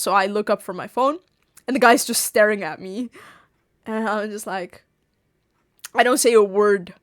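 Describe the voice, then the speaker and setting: A woman streamer telling a story to her viewers in a casual chat, animated, laughing often and swearing freely. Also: medium pitch, moderate pace, pauses often. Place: home streaming setup.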